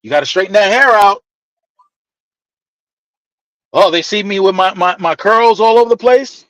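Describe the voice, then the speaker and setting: A man's voice: sits high, brisk, no echo, lo-fi sound. A man telling a casual, profane anecdote, animatedly acting out the people in it. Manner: animated, profane, acts out quoted voices. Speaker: storyteller.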